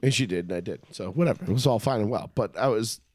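A man co-hosting a casual sports podcast, talking in an animated, profane, heated, ribbing way. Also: fairly low pitch, fast talker. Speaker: podcast co-host.

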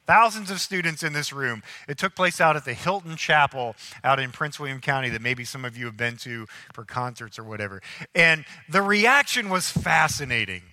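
A man preaching a sermon as a pastor, telling lively stories and acting out the people in them. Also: on the high side, normal speed. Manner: animated storytelling, acting out people in anecdotes. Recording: long hall reverb.

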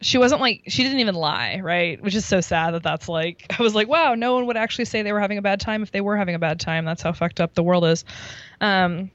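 A woman's voice: mid-range voice, brisk, no echo, lo-fi sound. A woman telling a story in casual chat, talking in a loose, chatty way full of likes and ums. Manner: chatty, filler-heavy with many likes and ums. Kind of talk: casual chat, recounting a show.

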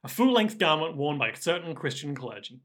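A man with a bright, forceful tone and a slightly high voice chats through an anime episode on a podcast. He jokes and drops into quick voices for the characters. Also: very animated. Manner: joking, retells scenes and slips into quick voices. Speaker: podcast co-host. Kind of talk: casual anime recap chat.

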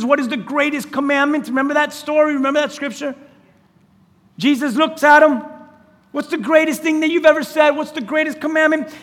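A man preaching a lively, conversational sermon as pastor, acting out quoted lines and laughing along the way. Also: very high voice. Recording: church hall with long reverb.

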